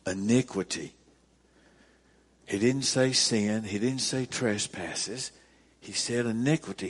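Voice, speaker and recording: A male pastor preaching a sermon at a church service, deliberate and repeating key phrases for emphasis. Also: medium pitch, husky.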